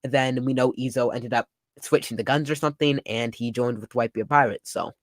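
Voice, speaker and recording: A young man reading and reacting to a comic chapter in casual talk, excitable and full of "like". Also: mid-range voice, a little fast, no room sound. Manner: excitable, summarizing panels with frequent "like". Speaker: manga reaction youtuber.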